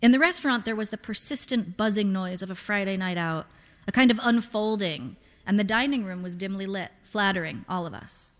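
A woman's voice: medium pitch, a little fast. A woman narrating literary fiction in a dry, wry storytelling manner. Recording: long hall reverb.

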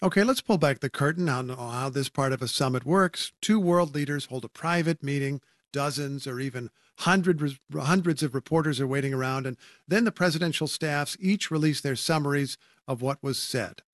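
A man's voice: a little high, moderate pace, hardly any pauses, no room sound, clean studio sound. A man anchoring a radio news program, speaking conversationally with wry asides as he introduces reporters and guests.

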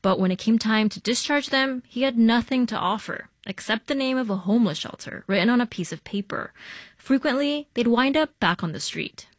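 A woman reading a radio news report in a measured, even way. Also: a little high, dry recording, clean studio sound. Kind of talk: scripted news narration.

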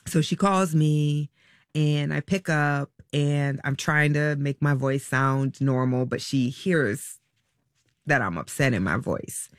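A woman being interviewed as a parent, talking in a halting, reflective and soft-spoken way about personal choices. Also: low voice, dry recording, studio quality. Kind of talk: emotional personal recollection.

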